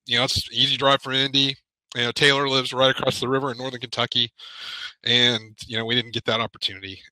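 A man in a podcast video call, talking haltingly with many pauses and fillers, choked up with emotion. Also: mid-range voice, pushed and bright, dry recording, poor audio. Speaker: podcast panelist. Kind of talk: emotional casual chat. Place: home.

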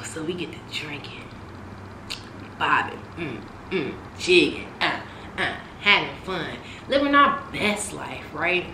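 A young woman telling a story about her past in a casual, animated way, cursing and swinging between loud outbursts and hushed asides. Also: deep voice. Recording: echoey room with noise.

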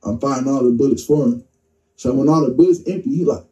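An interview guest tells his story in a relaxed, slangy way, acting out what people said. His mid-range voice moves at a quick pace, and he sits far from the mic on poor-quality audio.

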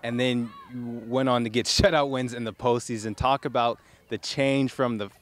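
A man's voice: mid-range voice, fairly even intonation, moderate pace. A man working as a local TV sports reporter, asking a young athlete chatty questions and laughing lightly between phrases.

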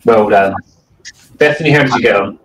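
A man's voice: on the low side, fairly quick, distant mic. A British man with a wry, self-deprecating manner, chatting casually about his writing. His voice sits in an echoey room with a faint hiss behind it. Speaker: regular co-host. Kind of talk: casual chat among writers.

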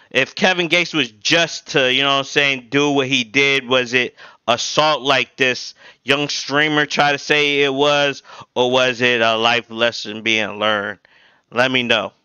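Bright, crisp-voiced man reacting casually. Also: mid-range voice, fairly even intonation, measured pace, no echo. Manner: slangy, loose, keeps saying "you know what I'm saying". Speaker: reaction channel host.

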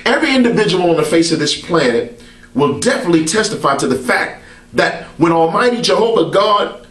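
Preacher, man, slightly high voice, casual call-and-response sermon, roomy echo. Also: sing-song, brisk, a bit bright, distant mic. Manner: colloquial, conversational preaching. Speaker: apostle preaching to camera. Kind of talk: sermon to camera. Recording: roomy echo, speaker set back from the mic.

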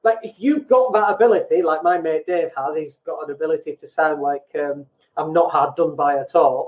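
A man's voice: a little high, moderate pace. A British man hosting a business podcast, talking bluntly and casually and poking fun at himself. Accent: British English. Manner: blunt, self-deprecating, acts out quoted people. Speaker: podcast host. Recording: echoey room, tinny phone-like sound.

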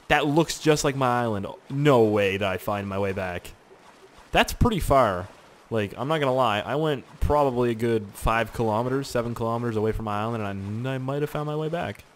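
A man's voice: medium pitch, brisk, a little hiss or hum. A young man casually commenting on a survival game he is playing, rambling, joking and swearing a lot. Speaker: gaming YouTuber. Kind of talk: casual let's-play commentary.

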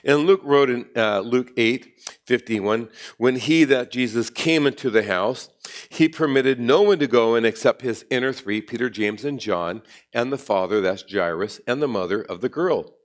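Animated preaching man. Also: normal speed. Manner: animated preaching with sudden jumps in pitch and volume. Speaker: pastor. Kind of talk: sermon. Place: church.

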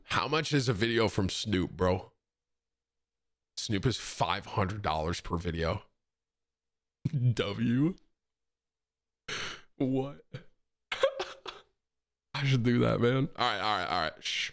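Joking streamer man saying bro. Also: lowish voice. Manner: loud, joking, says bro a lot. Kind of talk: casual live-stream chat.

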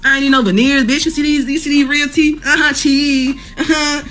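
A woman speaks to camera in a bright, sharp voice, defiant and boastful, looping back on the same slangy lines. She talks from a bed indoors, with faint music playing behind her. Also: high-pitched, fairly even intonation, fairly quick, hardly any pauses. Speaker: vlogger recovering from burns. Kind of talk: casual monologue to camera.

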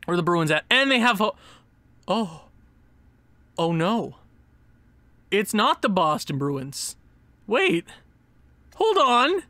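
Man, gameplay commentary, sarcastic, exasperated, bright tone, dry close sound. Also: high-pitched, sing-song, slow pace, long pauses, no room sound. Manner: exasperated, sarcastic, breaks into pained laughter. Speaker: gaming YouTuber.

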